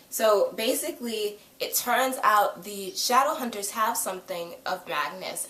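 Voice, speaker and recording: A woman's voice: fairly low pitch, a bit bright, echoey room, low-quality recording. A young woman vlogger chatting casually through a TV episode recap, gushing and full of "like" as she acts out quotes.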